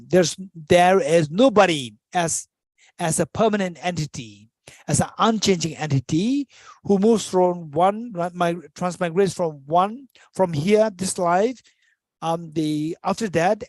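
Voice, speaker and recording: A man's voice: high voice, darkish tone, no echo. A man teaching Buddhist philosophy in English, repeating phrases and restarting as he explains. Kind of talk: dharma teaching.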